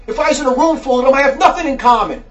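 A man with a very high voice delivers a scolding, preachy rant straight at one viewer, hammering his points with repeated jabs. He sits a little back from the mic, so the sound is slightly distant. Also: racing, highs cut off. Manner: berating, preachy, repeats taunts like "buddy boy". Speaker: religious commentator. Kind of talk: angry monologue addressed to a viewer.

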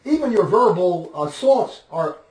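A male talk host with a fairly high voice delivers firm, indignant moral judgments. He sounds distant from the mic. The room carries a noticeable echo. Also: big pitch swings, measured pace, a little mellow. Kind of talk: talk-show commentary.

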